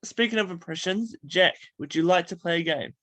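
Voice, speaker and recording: A man's voice: high voice, measured pace, bright, forceful tone. A man hosting a casual interview, giggly and hesitant, with lots of fillers. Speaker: interview host.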